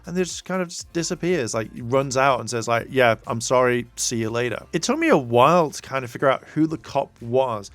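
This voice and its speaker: A man's voice: medium pitch, big pitch swings, brisk, few pauses, no room sound. A man recapping a TV episode in a casual, rambling way, full of fillers and restarts. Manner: rambling, many fillers, acts out quotes. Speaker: TV show reviewer.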